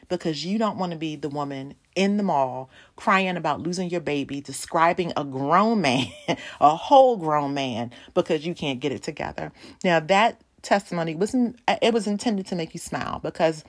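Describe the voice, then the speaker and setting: A woman's voice: deep voice, animated, normal speed. A woman in her forties giving a sermon testimony, telling a personal story and speaking to the congregation as "y'all". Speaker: pastor's wife preaching.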